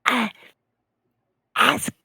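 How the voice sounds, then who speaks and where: Woman, tabletop player, soft hesitant playful, slow pace, dry sound. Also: no room sound, low-quality recording. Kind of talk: in-character tabletop role-play.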